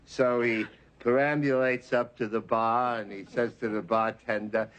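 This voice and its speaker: A gruff, blustering police chief played by a man in a 1980s studio sitcom. He has an ordinary mid-range voice and a faint hiss behind it. He talks in a rough, joking way and gets flustered when caught out. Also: mid-range voice, fairly even intonation, normal speed, fairly bright tone, lo-fi sound, lightly acted. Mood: mocking. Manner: gruff, joke-telling, flustered. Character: blustering middle-aged male police chief. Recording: studio audience laughter behind.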